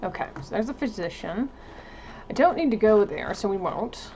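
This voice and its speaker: A woman's voice: mid-range voice, lively intonation, moderate pace, mellow, muffled recording, slight background noise. A woman streamer giving casual let's-play commentary, chatting and reading on-screen text aloud. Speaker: video game streamer.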